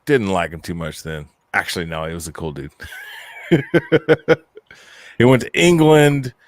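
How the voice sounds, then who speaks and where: A man's voice: sits low, animated, measured pace. A man co-hosting a casual live-stream chat, joking and cursing as he reads out viewer comments. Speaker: podcast co-host.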